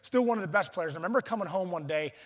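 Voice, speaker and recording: A man's voice: high voice, lively intonation, rapid-fire, background noise. A middle-aged man from Pittsburgh gives a storytelling speech at a luncheon. He acts out the voices of the people he quotes and often restarts his sentences. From Pittsburgh, USA. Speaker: guest speaker. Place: large banquet hall. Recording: reverberant banquet hall.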